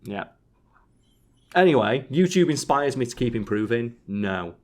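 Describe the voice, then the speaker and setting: A man's voice: mid-range voice, lively intonation, measured pace. A man hosting a casual podcast chat, sarcastically reading out survey answers. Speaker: podcast host.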